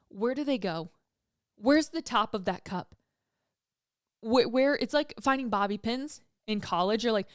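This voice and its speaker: Smooth-voiced woman chatting candidly on a podcast. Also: medium pitch, dry recording, clean studio sound. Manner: candid, chatty, swears freely, laughs at herself. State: pregnant, hormonal and emotional. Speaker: podcast host. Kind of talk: casual solo podcast chat.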